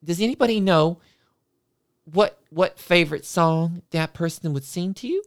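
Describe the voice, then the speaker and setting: A woman's voice: on the low side, moderate pace, clean tone, no room sound, clean studio sound, pitched above the performer's own voice, lightly acted. A woman voicing a theatrical, syrupy music teacher who talks to children as if performing into a microphone. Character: gushing sing-song female music teacher, middle-aged.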